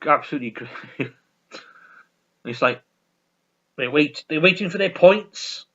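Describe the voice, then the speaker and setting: This vlogger's voice is on the high side, bright and pushed, with lively intonation and a slightly slow pace. He chats casually about a sitcom, rambling, restarting and chuckling, on a dull lo-fi recording.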